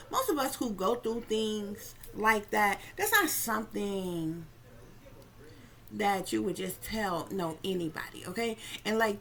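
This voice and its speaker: A woman's voice: mid-range voice, a bit bright, slight background noise. A woman psychic reader talking casually and bluntly to her viewers, swearing often and checking in with asides as she tells a story.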